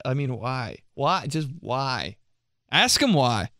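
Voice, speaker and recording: A man's voice: mid-range voice, sing-song, takes it slowly, pushed and bright, no room sound, clean studio sound. A young man reading out viewer messages for a comedy vlog, mock-outraged and swearing, laughing often. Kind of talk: casual comedic commentary.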